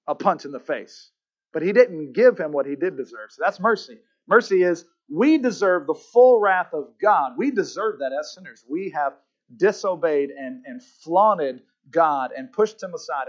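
A man's voice: fairly high pitch, muffled recording. A man preaching a sermon as a pastor, emphatic and often asking his listeners "Amen?". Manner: emphatic, asks the congregation "Amen?".

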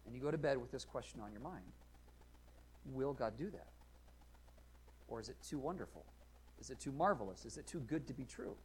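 A man preaching a sermon, earnest and questioning, rising and falling in loudness to stress his points. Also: medium pitch, animated, a little fast, pauses often, a little hiss or hum. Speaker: pastor.

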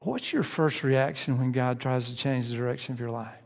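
A man's voice: mid-range voice, fairly quick, creaky, long reverb tail. A man preaching a sermon in a conversational way, asking his listeners questions and acting out their inner voices.

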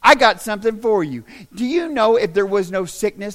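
A pastor with a Southern American accent preaches a sermon in a high-pitched, expressive voice at a moderate pace. Plain-spoken and folksy, he swings between shouting and hushed asides.

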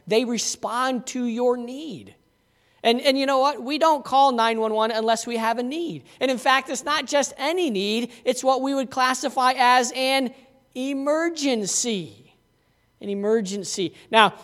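A man's voice: high-pitched, fairly bright tone. A man preaching a conversational sermon as pastor, telling stories in a folksy way. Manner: folksy storytelling. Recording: long hall reverb.

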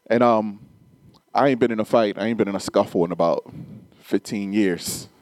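A man's voice: lowish voice, normal speed, darkish tone, dry recording. A middle-aged man preaching a sermon, telling a personal story casually and then building to emphatic, rising preaching.

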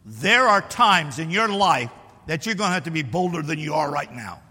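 A man preaching a sermon to his congregation, animated and teasing, with bold declarations. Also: fairly high pitch, normal speed, husky, long reverb tail.

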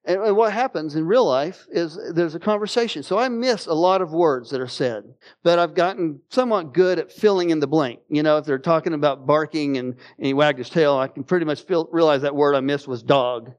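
A middle-aged pastor delivers a sermon in a church, his fairly high voice carrying a personal story. He talks animatedly, climbing into loud exclamations, then sinking low and quiet. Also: fairly quick. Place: church sanctuary.

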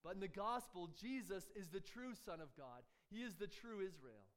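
A man's voice: high-pitched, animated, moderate pace, fairly bright tone, clear, resonant tone. A man preaching a sermon in a conversational way, often asking his listeners rhetorical questions and chuckling between points. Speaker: pastor.

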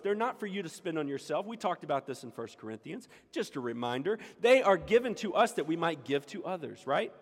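A man preaching a sermon as pastor, emphatic and repeating his key lines for the congregation. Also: fairly high pitch. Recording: echoey hall with long reverb.

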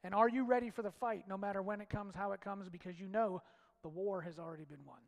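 A man preaching a sermon with passion, swinging from loud shouts to hushed low lines. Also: steady tone, fast talker, vocal fry, big-room sound.

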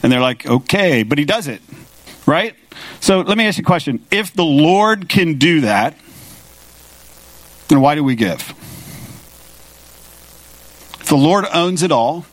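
A man's voice: fairly high pitch, animated, moderate pace, a bit bright, no echo. A man preaching a sermon as pastor, talking casually and with animation, paraphrasing scripture in an everyday voice.

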